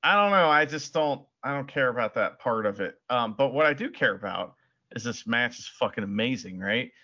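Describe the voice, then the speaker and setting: A man's voice: mid-range voice, animated, normal speed, sharp tone, highs cut off. A man co-hosting a casual podcast, laid-back and laughing, full of "you know" hedges. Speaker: podcast co-host.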